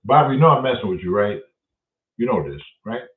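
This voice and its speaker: Hosting a laid-back live stream, a man spins stories packed with profanity and greets viewers by reading their chat names aloud. His voice sits at a medium pitch with a sing-song lilt, and he talks fast. The audio sounds roomy, distant, and phone-like.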